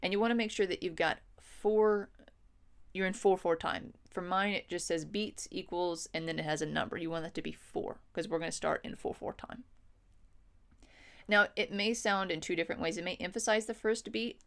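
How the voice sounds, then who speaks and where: A woman's voice: lowish voice, fairly even intonation, normal speed, a bit bright. A woman teaching a music lesson, patiently explaining and counting beats aloud, often checking in with the listener. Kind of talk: instructional lesson.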